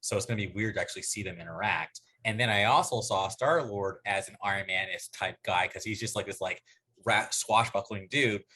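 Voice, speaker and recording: A man's voice: lowish voice, bright, forceful tone, a little hiss or hum. A man co-hosting a casual podcast chat, rambling and cursing, cutting in often. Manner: rambling, profane, quick to jump in. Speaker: podcast co-host.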